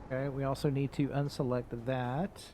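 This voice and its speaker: A man giving casual let's-play commentary, relaxed and thinking aloud as he builds in a game. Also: mid-range voice, normal speed, slight background noise. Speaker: gaming YouTuber.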